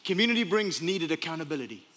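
A man's voice: fairly high pitch, sing-song, fast talker, a bit bright, long reverb tail. A male pastor preaching a sermon in a church, emphatic and full of rhetorical questions. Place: church sanctuary.

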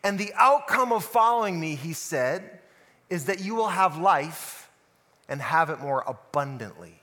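Bright-voiced pastor preaching in a reverberant hall. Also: male voice, a little high, expressive, measured pace. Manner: storytelling with rhetorical questions to listeners. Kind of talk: sermon podcast.

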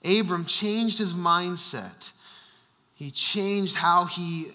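A man's voice: high-pitched, very slow, sharp tone, big-room sound. A male senior pastor preaching a sermon, emphatic and fond of rhetorical questions.

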